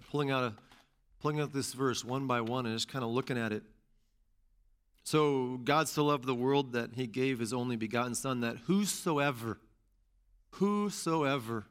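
Man preaching with repeated emphatic phrases. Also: mid-range voice. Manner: repeats phrases for emphasis, rising to loud stresses. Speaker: pastor and teacher. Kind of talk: sermon.

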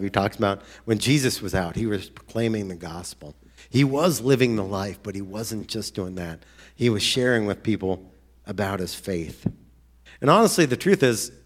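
Earnest man preaching, low voice. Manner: earnest, conversational, with sudden excited outbursts. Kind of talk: sermon.

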